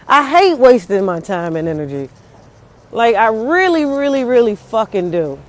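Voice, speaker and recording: A woman's voice: a little high, sing-song, moderate pace. A young woman venting casually and angrily on a phone livestream outdoors, swearing often and rambling with many fillers.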